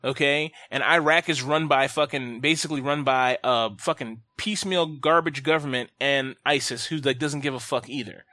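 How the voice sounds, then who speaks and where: A man hosting a casual podcast chat, ranting bluntly and profanely, his pitch and loudness swinging sharply as he gets worked up. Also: moderate pace, hardly any pauses, no room sound. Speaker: podcast host.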